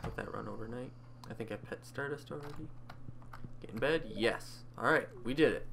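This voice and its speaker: A man's voice: mid-range voice, moderate pace, gravelly, fairly bright tone, soft background music. Chatty man narrating his farming game. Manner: chatty, thinks aloud while playing. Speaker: gaming channel host. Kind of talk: casual gameplay commentary.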